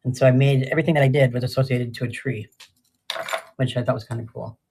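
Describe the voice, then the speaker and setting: A woman's voice: rumbling low, steady tone, quick pace, creaky, dark tone, husky. An older woman chatting casually and rambling through a live jewelry sale, often trailing off mid-sentence. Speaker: live-stream jewelry seller.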